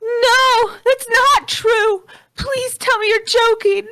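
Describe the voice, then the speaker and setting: A man's falsetto as a grieving young cat girl. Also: very slow, a bit bright, no room sound, heavily acted. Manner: shrill falsetto pleading. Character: young female pink cat, grief-stricken and defiant. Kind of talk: live comedic fanfic reading.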